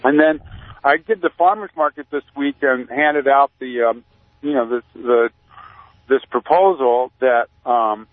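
A male activist guest on a radio show, talking in a rambling, deadpan way with many fillers. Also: medium pitch, no room sound. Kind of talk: casual radio interview. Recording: tinny phone line.

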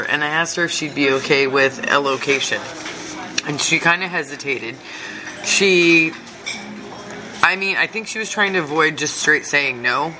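A man's voice: fairly high pitch, noisy background. A man, an encampment advocate, giving a loose, chatty spoken report with many fillers. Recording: dish and cutlery clatter.

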